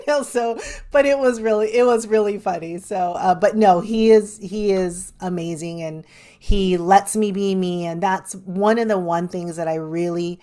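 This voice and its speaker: A middle-aged woman life coach speaks as a podcast guest. Her voice is mid-pitched and she tells stories earnestly, often breaking into laughter. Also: moderate pace, warm tone. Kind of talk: podcast interview.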